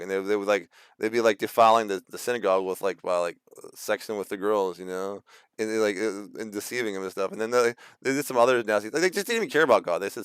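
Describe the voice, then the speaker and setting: Rambling man with a smooth, dry voice. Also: lowish voice, fast, no echo. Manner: rambling, with many fillers and restarts; acts out quoted voices mockingly. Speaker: video host. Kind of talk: casual ranting monologue.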